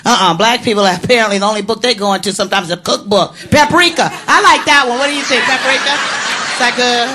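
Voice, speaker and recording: A woman performing stand-up comedy in a club, loud and animated, shouting her punchlines. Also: on the high side, fast talker. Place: comedy club before a live audience. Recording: live club recording with crowd noise.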